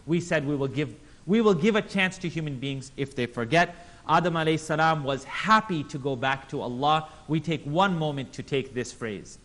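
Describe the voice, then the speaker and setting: A man with a somewhat high voice teaches a religious class in an animated way. He slips into little voices for the people in his stories and keeps firing questions at his listeners. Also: moderate pace. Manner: animated, acts out quotes in voices; engages audience with questions. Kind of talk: Islamic class lecture.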